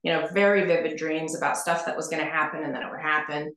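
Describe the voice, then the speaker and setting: A middle-aged woman, a guest on an interview, telling her story in a lively way, often laughing and acting out the people she quotes. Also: sits low, fast. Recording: roomy echo.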